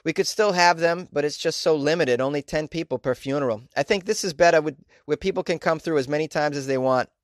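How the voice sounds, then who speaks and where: A man's voice: a little high, quick pace, hardly any pauses, no echo, clean studio sound, pitched above the performer's own voice, lightly acted. A man doing a chatty Boston funeral home lady. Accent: put-on Boston. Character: woman funeral home owner with put-on Boston accent.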